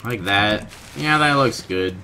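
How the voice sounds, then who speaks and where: A man giving casual gameplay commentary, low-key and monotone, groggy from just waking up, in his bedroom. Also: takes it slowly. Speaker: gaming video host. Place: hot bedroom with a fan. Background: fan and keyboard noise.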